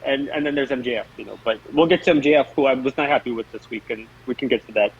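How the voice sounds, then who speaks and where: A man's voice: mid-range voice, fast talker, vocal fry, breathy edge. A man co-hosting a wrestling review podcast, blunt and dismissive, ranting in exasperation. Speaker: podcast co-host. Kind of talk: casual wrestling review chat. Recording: dull lo-fi audio.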